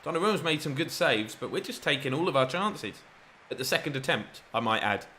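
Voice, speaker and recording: A man giving chatty, excitable play-by-play commentary over a football video game. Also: mid-range voice, a little fast, a little hiss or hum. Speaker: gaming YouTuber.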